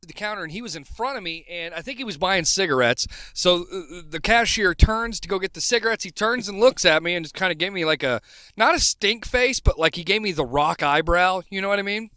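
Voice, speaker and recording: A man with a high, bright voice tells a casual anecdote on a podcast, rambling and restarting his sentences. The sound is dry and close. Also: animated, a little fast, no room sound. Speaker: podcast co-host.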